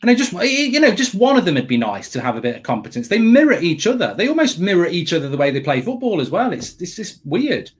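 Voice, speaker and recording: An English man with a slightly high voice co-hosts a live football watchalong. His pitch swings widely as he rants and swears casually between match updates. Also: fast, few pauses. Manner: animated, ranting, swears casually.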